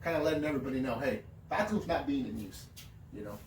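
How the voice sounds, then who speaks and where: A man's voice: mid-range voice, fast. A man casually telling a long profane story on a podcast, acting out what everyone said. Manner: profane, animated storytelling with acted-out quotes. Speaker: podcast co-host. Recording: echoey room, distant mic, faint noise.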